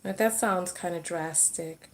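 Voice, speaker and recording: A self-love and relationships coach hosts a laid-back livestream Q&A, her voice low-pitched and unhurried. She reads out viewer comments and responds off the cuff, frequently trailing off and starting her sentences over.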